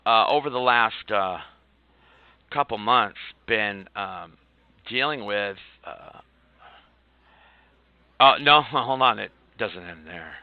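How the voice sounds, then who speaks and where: A man streaming, telling a story in a rambling, halting way with lots of swearing while he plays a game. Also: lowish voice, animated, dry recording, narrow, tinny audio. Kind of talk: casual storytelling while gaming.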